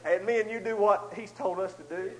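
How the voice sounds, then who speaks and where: High-voiced preacher, emphatic. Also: male voice, brisk, poor audio. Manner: emphatic, swings between loud outbursts and hushed asides. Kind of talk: sermon with storytelling.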